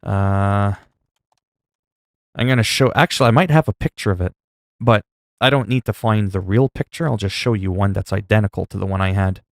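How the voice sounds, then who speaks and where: A man casually chatting with his stream audience, rambling with many fillers, and getting louder when he reacts in disgust. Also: moderate pace, no echo, studio quality. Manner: gets loud and higher when reacting in disgust. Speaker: livestreamer.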